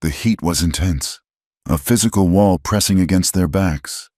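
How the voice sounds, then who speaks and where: A man's voice: low voice, moderate pace, darkish tone, no echo, clean studio sound. A man giving dramatic scripted narration of a story.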